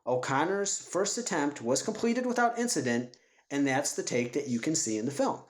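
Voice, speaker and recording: A man co-hosting a casual movie podcast, retelling scenes with lively acted-out quotes. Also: on the high side, normal speed. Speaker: podcast co-host. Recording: roomy echo.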